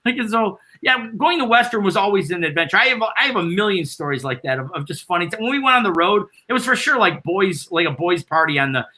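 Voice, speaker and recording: A middle-aged man, a band founder, excitedly rambling through road anecdotes as a guest in a casual interview. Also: sits high, fast, hardly any pauses. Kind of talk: casual storytelling.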